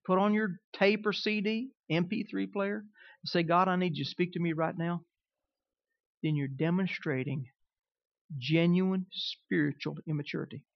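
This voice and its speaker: A man preaching as a pastor, swinging between loud, emphatic lines and quiet, conversational asides. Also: high voice, steady tone, moderate pace, vocal fry, no room sound, muffled recording. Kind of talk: sermon.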